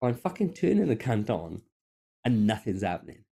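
A man's voice: fairly low pitch, normal speed, creaky, husky. A man co-hosting a podcast, telling stories in a casual chat, swearing freely and poking fun at himself. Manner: sweary, animated, self-mocking. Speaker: podcast host. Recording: podcast microphone.

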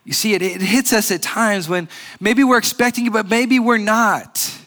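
Guy preaching, earnest and slow-paced, kinda higher voice, stops and restarts a lot. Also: bright, forceful tone. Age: adult with a grandfather recently passed. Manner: earnest, measured, frequent restarts and pauses. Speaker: pastor. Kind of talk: sermon.

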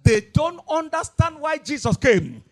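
A middle-aged man preaches a fiery sermon, repeating his lines, moving from hushed tones to shouting in a sing-song cadence and breaking into tongues. His voice is very high-pitched with big pitch swings, at a measured pace.

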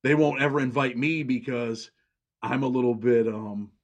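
A man's voice: medium pitch, normal speed. Outspoken man hosting a casual chat. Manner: blunt, outspoken. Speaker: podcast host.

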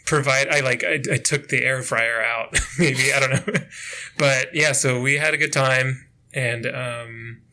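A young man co-hosts a relaxed podcast conversation, his voice bright and forward. He laughs often and rambles with easygoing fillers. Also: medium pitch, slow. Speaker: podcast co-host. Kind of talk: casual chat.

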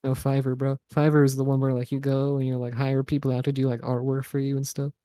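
A man's voice: mid-range voice, monotone, quick pace, mellow. A young man co-hosting a podcast, joking around in casual chat, swearing and laughing often. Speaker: podcast co-host.

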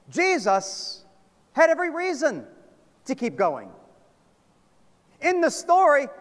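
A man preaching a sermon, swinging from loud calls down to hushed, low lines. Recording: long hall reverb.

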